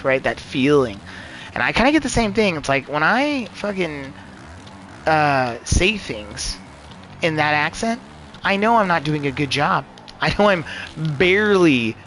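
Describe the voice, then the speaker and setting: Brief: man live-streaming a racing game, slightly high voice, animated, profane chatter. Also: a little hiss or hum, poor audio. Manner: profane, excitable, rambling. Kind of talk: live gameplay commentary.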